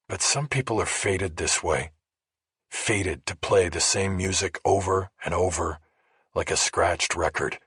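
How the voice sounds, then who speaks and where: A man reading a first-person crime audiobook with a husky, low voice. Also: fairly bright tone, no echo, studio quality. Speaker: audiobook narrator.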